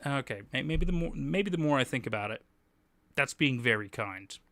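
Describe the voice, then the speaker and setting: A man's voice: mid-range voice, lively intonation, normal speed, pushed and bright, no room sound. A man hosting a livestream, chatting casually and animatedly, laughing often and swearing freely. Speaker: livestream host.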